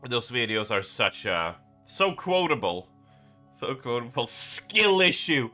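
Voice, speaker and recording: Chatty young male streamer, bright voice. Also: medium pitch, very animated, a little slow, soft background music. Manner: rambling, chatty, with lots of fillers. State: strained, slightly worn voice. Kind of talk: casual live-stream chat.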